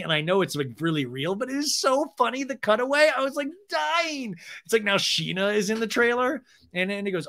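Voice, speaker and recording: A man's voice: high-pitched, a little fast. A young adult man hosting a comedy podcast, recapping reality TV with rambling asides and acted-out quotes. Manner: animated, acts out quotes in funny voices. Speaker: podcast host.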